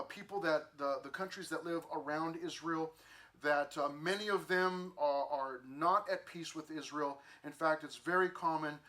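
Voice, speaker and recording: A man's voice: fairly high pitch, pushed and bright. A man teaching a youth group through a Bible passage in a casual, conversational way, with many fillers and restarts. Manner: conversational, many fillers and restarts, acts out social media voices.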